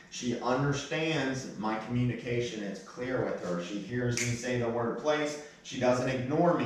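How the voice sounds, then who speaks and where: A man's voice: medium pitch, recorded from a distance. Dog trainer man in an echoey room. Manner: short firm commands mixed with relaxed explanations. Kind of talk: casual instructional talk during training. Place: indoor training space with concrete floor.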